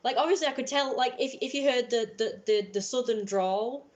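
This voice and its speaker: A woman's voice: on the high side, fairly quick. A woman with an English accent chatting casually on a livestream, rambling and filling her talk with "like" and restarts. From England. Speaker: livestream host. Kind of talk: casual live-stream chat.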